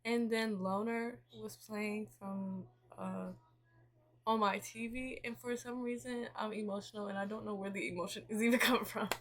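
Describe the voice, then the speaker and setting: A young woman at home venting to her camera in a casual, confessional way, soft and halting, a little emotional, with many pauses while she does her nails. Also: mid-range voice, fairly even intonation. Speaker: vlogger. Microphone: camera set up nearby.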